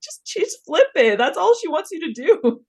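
A woman's voice: very high voice, big pitch swings, normal speed. A woman co-hosting a podcast, gossiping in playful casual chat and laughing often. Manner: giggly, playful gossip with acted quotes. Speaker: podcast co-host.

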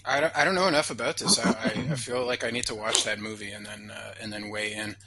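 A man's voice: mid-range voice, fairly even intonation, fast, gravelly, a crowd in the background. A man in his forties co-hosting a podcast in casual chat, often hesitating and restarting his sentences. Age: 40s. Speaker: podcast co-host.

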